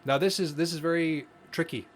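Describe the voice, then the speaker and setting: A man's voice: fairly high pitch, a little fast, a little hiss or hum. Earnest man explaining in casual chat. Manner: earnest, explanatory, with frequent restarts. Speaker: podcast co-host. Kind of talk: casual podcast discussion.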